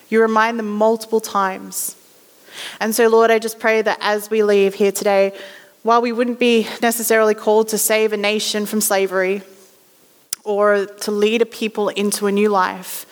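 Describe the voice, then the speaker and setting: Woman preaching in a reverberant hall. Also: mid-range voice. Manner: conversational storytelling, acts out voices. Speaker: guest preacher. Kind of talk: sermon.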